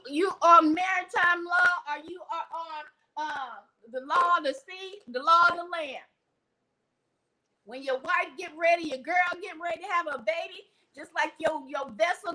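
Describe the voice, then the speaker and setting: A woman's voice: high-pitched, sharp tone, poor audio. A woman vlogger talking animatedly on a livestream, preachy and theatrical, acting out little scenes with props.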